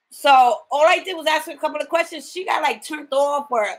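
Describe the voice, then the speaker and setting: A woman's voice: high voice, a little fast, few pauses, a bit bright, low-quality recording. A woman caregiver talking in a casual video diary. She is tired from lack of sleep and talks bluntly, swearing freely as she vents. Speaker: home caregiver.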